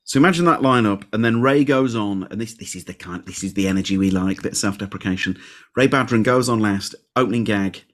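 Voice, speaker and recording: A man's voice: on the low side, fast talker. A man co-hosting a comedy podcast, chatting casually and reading out listener emails with self-deprecating asides. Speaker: podcast co-host.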